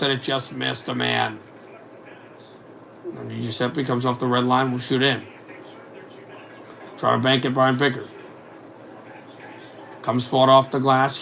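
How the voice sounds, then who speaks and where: A man calling hockey play-by-play for a fan simulcast, in a rapid running commentary with asides on other scores. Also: medium pitch, vocal fry, fairly bright tone, slight background noise.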